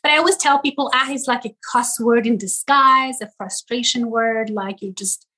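Woman guest with a Persian accent, husky and bright, lively chat. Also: a little high, normal speed, rough recording. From Iran. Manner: animated, laughs often, searches for words. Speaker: guest, content creator. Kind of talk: casual interview chat.

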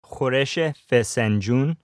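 A man's voice: medium pitch, fast, dry recording, studio quality. A man co-hosting a language lesson, repeating words after the teacher and adding a casual comment.

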